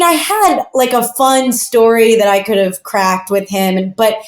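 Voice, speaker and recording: Chatty woman guest in a roomy room. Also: on the high side. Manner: animated, chatty, many fillers. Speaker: podcast guest. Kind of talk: casual storytelling. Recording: roomy echo.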